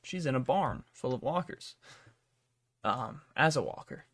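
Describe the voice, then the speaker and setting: A man's voice: mid-range voice, lively intonation, measured pace, a bit bright, no room sound, studio quality. A man hosting a podcast, rambling through a casual plot recap full of swearing and fillers. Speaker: podcast host. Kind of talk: casual chat.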